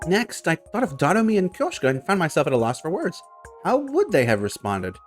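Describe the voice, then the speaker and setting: A male streamer reading a visual novel aloud, narrating with animated, sometimes swearing reactions. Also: fairly high pitch, fairly quick, faint music behind.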